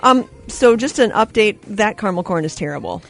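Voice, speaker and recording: A woman hosting a radio talk show in a studio, telling stories with lively quoted voices and frequent laughter. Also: mid-range voice, brisk, creaky, faint music behind. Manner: animated storyteller, acts out quoted voices; laughs often mid-sentence. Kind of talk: casual radio chat.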